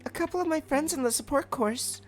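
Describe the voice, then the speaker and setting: A man voicing an excited teenage girl student, speaking in a drawn-out way. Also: extremely high pitch, pitched above the performer's own voice.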